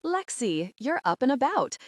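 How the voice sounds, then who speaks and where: A woman's voice: sits high, sing-song, measured pace, no echo, studio quality, pitched above the performer's own voice. A woman reading an earnest, gushing young female interior designer with a mid-Atlantic accent.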